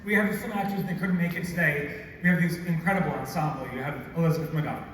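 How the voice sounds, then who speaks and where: A man moderating a convention panel, asking the cast lively questions. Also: fairly high pitch, quick pace, slight background noise. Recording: echoey convention hall, far mic.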